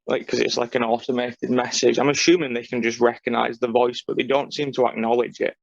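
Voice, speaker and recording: A man with a gravelly, mid-pitched voice explains things at length in casual podcast chat. The recording is dry and a little dull. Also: level tone, fairly quick, no room sound. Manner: rambling, detail-minded explanations. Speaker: podcast co-host.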